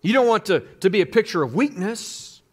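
A man's voice: high-pitched, very animated, fairly quick, breathy edge. A male pastor giving a sermon, speaking earnestly and reading scripture aloud.

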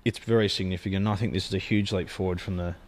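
A man's voice: low-pitched, fairly even intonation, quick pace, a little mellow. A man giving a gushing car-sales walkaround as a dealer. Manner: enthusiastic, gushing sales talk.

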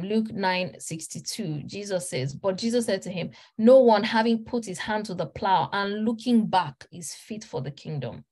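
A woman's voice: mid-range voice, darkish tone. A woman preacher delivering an earnest, emphatic sermon, stressing points through repetition. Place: church.

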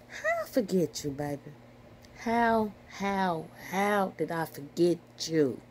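An older woman who is a grandmother, talking casually to her vlog audience from home at her computer, animated and swearing as she scolds herself with laughs. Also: lowish voice, takes it slowly, a little hiss or hum. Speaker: YouTuber. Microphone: phone or computer mic.

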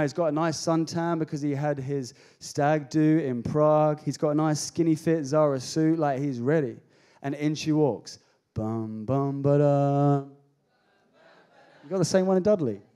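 A man preaching a comedic youth sermon, energetic and jokey, calling out to the crowd. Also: a little high, normal speed. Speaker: pastor.

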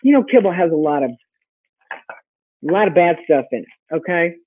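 Woman webinar host, husky voice, chatty teacher with rhetorical questions, tinny phone-line sound. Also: fairly low pitch, animated, normal speed. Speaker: host and pet health consultant.

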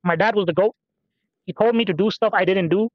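Over phone-quality audio with no echo, a young adult gameplay commentator talks briskly in a high voice. His let's-play chatter wanders, full of self-mockery, casual cursing and thinking out loud.

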